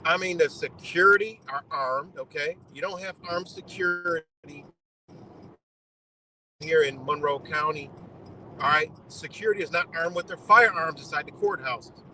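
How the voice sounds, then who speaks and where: A man's voice: on the high side, moderate pace, a little hiss or hum, poor audio. Profane, incredulous man ranting. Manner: animated, swearing, repeats himself in disbelief. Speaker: livestream host. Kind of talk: profane livestream rant.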